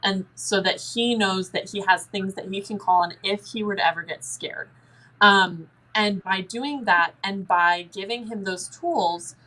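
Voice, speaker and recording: A young woman answering listener questions as a guest in a paranormal Q&A, chatty and lively, often acting out little dialogues. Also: poor audio. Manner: chatty, acts out dialogue in a higher voice.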